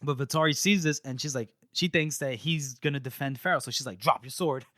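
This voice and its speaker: A young man co-hosting a podcast, retelling a book chapter in casual chat, animated and laughing as he acts out lines. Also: mid-range voice, brisk, no echo, clean studio sound.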